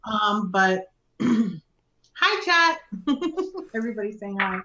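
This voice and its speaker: A woman's voice: medium pitch, very animated, slow, pushed and bright, roomy sound, lo-fi sound. A woman chatting casually as a guest on a live stream, talking freely with fillers and frequent laughs. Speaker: guest reviewer.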